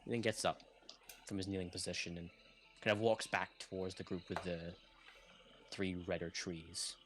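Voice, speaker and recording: A man's voice: low voice, steady tone, normal speed, fairly bright tone, slight background noise. Laid-back man narrating as game master. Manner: loose, hedging narration with fillers like "kinda".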